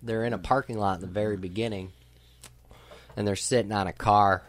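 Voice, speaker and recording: A young man in casual chat outdoors by a grill, rambling through a story with heavy swearing and loud bursts of laughter. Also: fairly low pitch, fairly even intonation, brisk, dry recording.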